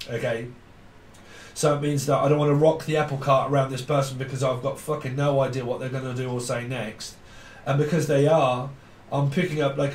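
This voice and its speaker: A man's voice: mid-range voice, darkish tone, slight background noise. A man giving a rambling tarot reading, blunt and swearing casually as he goes. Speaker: tarot reader. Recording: echoey room, mic at a distance.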